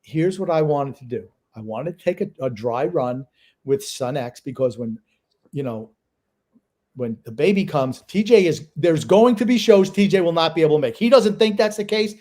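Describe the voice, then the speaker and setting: Blunt, opinionated man with a slightly high voice. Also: expressive, moderate pace, a little mellow. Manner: blunt, opinionated, swears freely. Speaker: podcast co-host. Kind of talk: casual sports chat.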